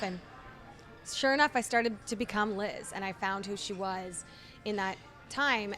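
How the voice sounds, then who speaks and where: A woman's voice: medium pitch, fairly bright tone. A Canadian woman from Ontario, a podcast guest chatting casually and rambling off on tangents into a studio mic. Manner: bubbly, rambling, goes off on tangents. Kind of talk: casual chat. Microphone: studio microphone with headphones.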